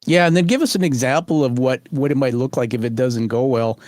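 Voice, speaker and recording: A man's voice: mid-range voice, brisk, a little mellow, dry recording, studio quality. A man hosting an interview, asking questions in a loose conversational way. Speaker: host.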